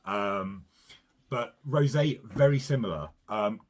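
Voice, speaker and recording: A man's voice: fairly low pitch, slow pace. A man, hosting a film review podcast in an emphatic, chatty way. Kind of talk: casual chat.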